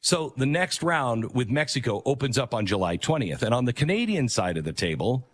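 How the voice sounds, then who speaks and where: A middle-aged man hosts a talk radio show in a mid-range, sing-song voice, speaking briskly. His monologue rambles conversationally, full of fillers and restarts, and includes a live ad read.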